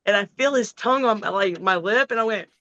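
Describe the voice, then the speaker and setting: A middle-aged woman, a wrestler, telling a long story in a casual, profane, animated way. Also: medium pitch, fast talker, no room sound, muffled recording. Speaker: wrestling guest.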